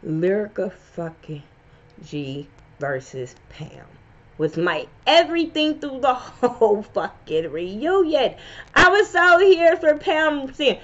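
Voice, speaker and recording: A woman, reviewing reality TV in a blunt, profane, animated rant. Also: high voice, takes it slowly. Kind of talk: casual opinion vlog. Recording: slightly dull lo-fi sound.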